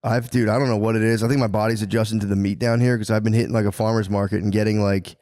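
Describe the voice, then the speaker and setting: A man co-hosting a podcast, telling crude stories in casual banter and jumping into high yelps for the punchlines. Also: rapid-fire, no echo, clean studio sound. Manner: animated storyteller, often jumps into high yelps for punchlines. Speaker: podcast co-host.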